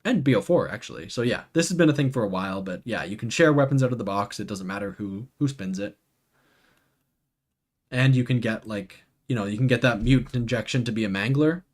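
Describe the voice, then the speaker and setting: A man on a live stream talks loosely and thinks out loud, with plenty of fillers and restarts. He keeps breaking off to answer viewers by name, and his voice sits at an ordinary middle pitch. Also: lively intonation, fairly quick. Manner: rambling, full of "like" and restarts. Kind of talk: casual livestream commentary.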